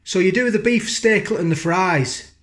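Casual food vlogger, male, slightly high voice, rambling and homely, loves a tag question. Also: lively intonation, moderate pace, a bit bright. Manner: chatty, rambling, keeps asking tag questions. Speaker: food reviewer. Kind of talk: casual food review vlog. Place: home kitchen, indoors.

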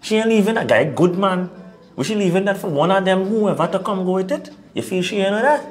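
A man's voice: high-pitched, a little fast. A man with a Trinidadian accent, co-hosting an opinionated talk show and lecturing his listeners. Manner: animated, preachy, laughs at his own points.

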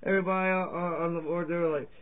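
A man's voice: sits high, level tone, very fast. Crude rambling man, tinny phone-like sound. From Virginia, USA. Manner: crude, profane, jokey, jumps between topics. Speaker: comedy vlogger. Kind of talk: rambling stand-up style monologue.

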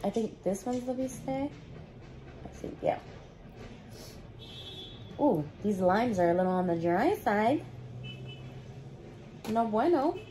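A woman's voice: a little high, expressive, slow pace, long pauses, mellow, a little hiss or hum. A young woman, chatting casually between bites in a mukbang eating vlog. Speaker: food vlogger.

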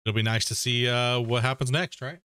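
A man's voice: medium pitch, steady tone, brisk, pushed and bright, clean tone, no echo, clean studio sound. Laid-back man rambling over a game. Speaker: gaming streamer. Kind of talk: casual stream commentary.

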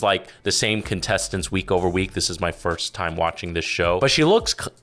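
A man's voice: on the low side, a bit bright. A male chef hosting a casual, opinionated reaction commentary on a cooking show. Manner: opinionated, frank, chatty. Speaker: chef and reaction video host.

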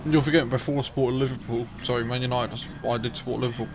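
A man's voice: medium pitch, fairly even intonation, rapid-fire. Swearing male streamer, noisy audio. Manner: bickering, heavy swearing. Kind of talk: live gameplay stream chat.

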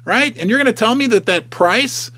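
A man's voice: extremely high pitch, animated, normal speed, bright, forceful tone, dry recording. A middle-aged man hosting a casual livestream from his home basement, chatty and folksy, often turning to ask his viewers questions. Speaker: host of a precious-metals investing channel.

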